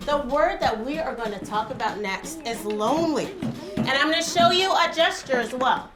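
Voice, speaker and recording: Lively high-voiced teacher in echoey classroom. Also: female voice. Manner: animated, drawn-out teacher prompts. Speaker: first grade teacher. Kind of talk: classroom vocabulary lesson. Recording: echoey classroom with background noise.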